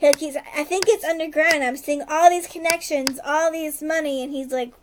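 A woman with a high, bright-sitting voice chats casually as a podcast co-host. She tells the story in a loose, rambling way, stringing events together with "like" and quick asides. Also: steady tone, noisy background. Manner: rambling retelling, heavy use of "like", quick asides. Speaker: podcast co-host recapping a TV episode. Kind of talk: casual chat.

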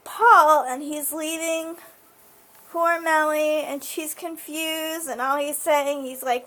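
A woman's voice: sits high, fairly even intonation, slow, a bit bright. A woman casually recapping a TV episode, chatty and full of fillers like "like" and "um". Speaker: show recapper.

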